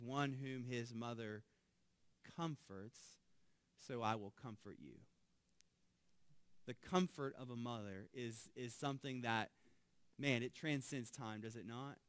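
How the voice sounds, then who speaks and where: A man, a pastor, preaching a sermon, swelling loud on key phrases and dropping soft on asides. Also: medium pitch, clean tone, no echo.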